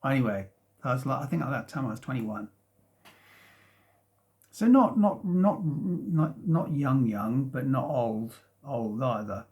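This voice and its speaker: A man in his fifties tells a long, meandering story from his sofa at home. His voice has a gravelly edge and sits at an ordinary pitch. He talks hesitantly, restarting phrases and breaking into soft chuckles. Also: animated, unhurried. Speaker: vlogger. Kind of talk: casual rambling storytelling. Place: at home, sitting in a sunlit room.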